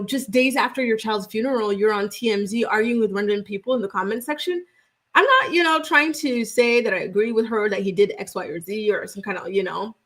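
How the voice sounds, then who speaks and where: Woman reading out viewer comments on a gossip stream, rambly and chatty, higher voice. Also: a bit bright. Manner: chatty, rambling with many fillers. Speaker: host.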